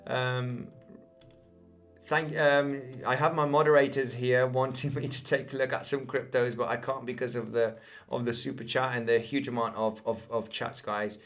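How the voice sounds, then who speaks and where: A man's voice: medium pitch, flat delivery, moderate pace, fairly bright tone, faint music behind. A young man from Spain with an English accent picked up from his mother, hosting a live crypto chart stream and answering chat with many fillers and restarts. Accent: English, picked up from an Isle of Man mother. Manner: repetitive, many fillers and restarts, addresses viewers as guys. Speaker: crypto livestream host.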